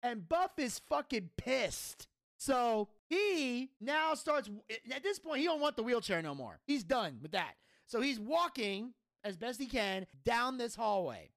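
A man co-hosting a podcast, telling a story in a casual, profane, animated way. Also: very high-pitched, a little slow, vocal fry, no echo, studio quality. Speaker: podcast co-host. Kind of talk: casual chat.

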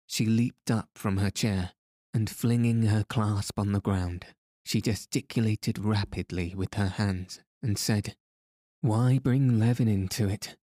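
Low-voiced guy reading an audiobook, really slow, mellow and dry. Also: no echo. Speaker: audiobook narrator. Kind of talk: scripted narration.

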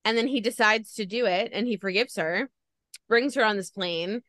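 A woman's voice: medium pitch, normal speed, a bit bright, no room sound. A woman podcast host gushing as she retells a story in a casual interview chat.

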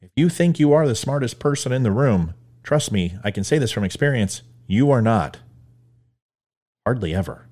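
Emphatic man with lively pitch. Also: moderate pace. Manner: emphatic, punchy, preachy. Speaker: host. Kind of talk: opinionated commentary monologue.

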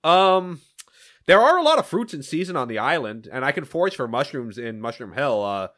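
A man's voice: medium pitch, big pitch swings, fairly quick, fairly bright tone. A man voicing a hot-headed male echidna fighter from a comic, in a blunt, dismissive way.

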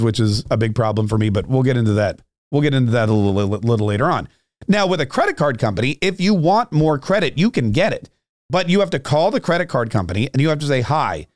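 A man hosts a solo podcast, giving a ranting political commentary monologue. His voice sits a little high, and his delivery is sarcastic, often doubling words as he pushes ahead. The recording is close and dry. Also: no echo.

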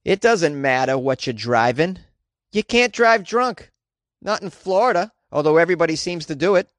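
A man's voice: fairly high pitch, animated, moderate pace, no room sound, lightly acted. A man putting on a brash Boston guy. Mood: blustery. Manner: exaggerated, blustery. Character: brash drunk-story-telling Boston guy.

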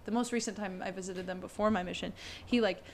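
A woman in her twenties, a podcast co-host, telling family stories in casual chat, animated and laughing often as she acts out quotes. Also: medium pitch, quick pace.

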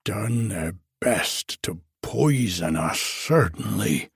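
Voiced by a man, a pompous old gentleman guest fumes in this storybook reading, stiff and formal, his delivery slow and deliberate. The voice is deep-set, very raspy, and close and dry. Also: animated, dry recording, exaggerated voice. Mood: growling. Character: indignant old gentleman, fussy hotel guest.

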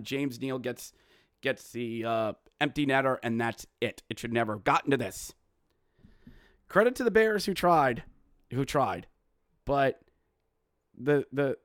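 A man hosting a sports podcast, recapping a game in an animated, ranting way and acting out players' lines. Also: a little high, no room sound, studio quality. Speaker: podcast host.

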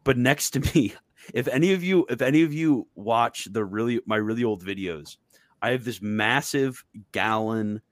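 A man hosting a livestream in casual chat, joking and slangy and quick to laugh. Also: medium pitch, no room sound, studio quality. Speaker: stream host.

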